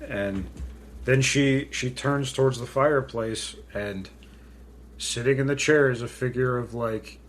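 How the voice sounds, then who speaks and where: A man's voice: mid-range voice, measured pace, a little hiss or hum. A man co-hosting a podcast, casually recapping a horror comedy film in a blunt, laid-back way with plenty of swearing. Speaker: podcast co-host.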